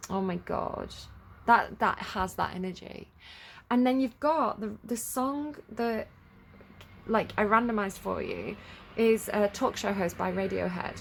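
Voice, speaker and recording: Rambling, gravelly-voiced woman tarot reader. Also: medium pitch, expressive, a little slow, a little hiss or hum. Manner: chatty, rambling, many fillers. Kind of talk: casual tarot reading monologue.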